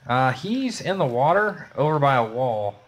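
A man's voice: mid-range voice, very animated, moderate pace. A man chatting casually while playing a co-op game, laid-back but given to sudden swearing outbursts. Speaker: gamer. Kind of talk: casual co-op gameplay chat.

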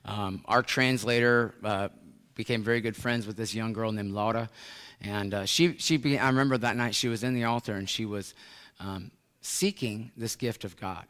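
A middle-aged American pastor preaching a sermon, telling a story with swings from hushed to loud. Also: male voice, fairly low pitch, steady tone, moderate pace. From United States. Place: large church sanctuary. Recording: long church hall reverb.

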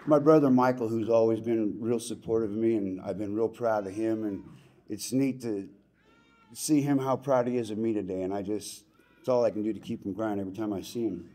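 Man, middle-aged, low warm voice; heartfelt, casual acceptance speech at a banquet. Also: brisk. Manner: plainspoken and folksy, with casual slang. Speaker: hall of fame inductee giving acceptance speech. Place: banquet hall ceremony.

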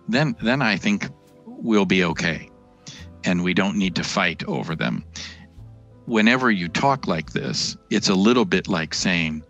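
A man answering interview questions in a measured way, making his points with plain everyday analogies. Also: deep voice, a bit bright, lo-fi sound. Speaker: interview guest, therapy researcher.

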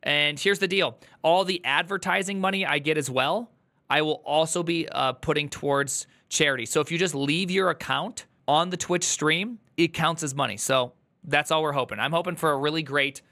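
A man's voice: fairly high pitch, moderate pace, bright, forceful tone. A male streamer telling an emotional, earnest story to his chat, holding back tears. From United States. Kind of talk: casual livestream chat.

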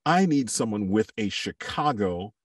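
A man who works as a voiceover artist and coach, speaking as a podcast guest in a measured, reflective way and giving examples. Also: fairly low pitch, lively intonation, husky, no echo, clean studio sound, far from the mic. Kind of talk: podcast interview, thoughtful conversation.

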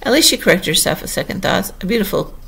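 A woman narrating a classic children's storybook as an audiobook, in a lively storytelling manner. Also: mid-range voice, fast, creaky, slightly rough. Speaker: audiobook reader.

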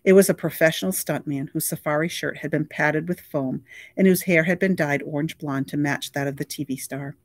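An audiobook reader narrating a novel in a steady, even storytelling voice. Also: mid-range voice, a little fast, dry recording, studio quality.

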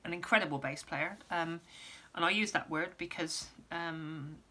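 A woman, a musician giving a casual vlog update, rambling with many pauses and restarts, her voice going hoarse. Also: sits low, pushed and bright. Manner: rambling, lots of ums and restarts. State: losing her voice, clearing throat.

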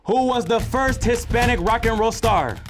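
A man hosting a comedic game show, energetic and teasing with his contestants. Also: very high voice, normal speed, over music.

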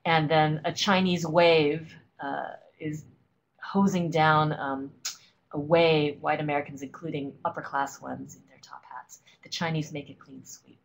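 A woman presenting a webinar lecture, explaining images at an unhurried pace with frequent ums and uhs. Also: low-pitched, steady tone, gravelly, poor audio. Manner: hesitant, many ums and uhs. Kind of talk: lecture on political cartoons.

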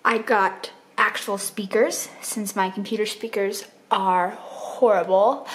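A woman talking in a casual vlog diary at home, chatty, bubbly and quick to correct herself. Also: medium pitch, steady tone, fairly bright tone, a little hiss or hum. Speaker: vlogger and co-writer of a book.

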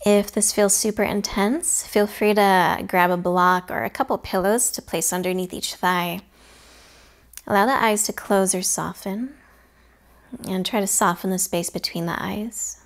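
Woman, young adult, yoga teacher, calm step-by-step cueing, mid pitch, some whispered words. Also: a little slow. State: slightly out of breath. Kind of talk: guided yoga class instruction.

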